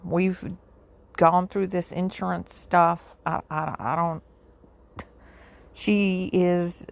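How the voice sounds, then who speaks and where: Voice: mid-range voice, gravelly. A reviewer giving blunt, exasperated, sarcastic commentary with frequent sighs.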